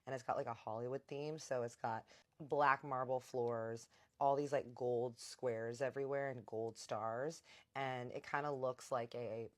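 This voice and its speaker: A woman tells a long story in a relaxed vlog, bouncing between narration and quoted dialogue. Her voice is strikingly low for a woman. She is chatty and slangy throughout. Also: measured pace. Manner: chatty, lots of quoting and slang. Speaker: vlogger.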